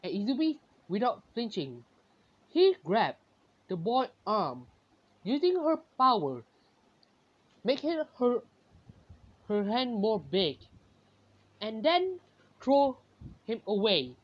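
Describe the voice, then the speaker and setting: A woman's voice: fairly high pitch, big pitch swings, takes it slowly, long pauses. A woman narrating an improvised fan story in simple, broken grammar with many restarts. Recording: dull lo-fi recording.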